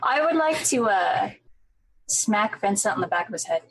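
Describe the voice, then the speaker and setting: Woman at a tabletop game, kinda husky, bouncy voice. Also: mid-range voice, sing-song, normal speed, a bit bright, poor audio. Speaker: player. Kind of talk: casual tabletop game chat.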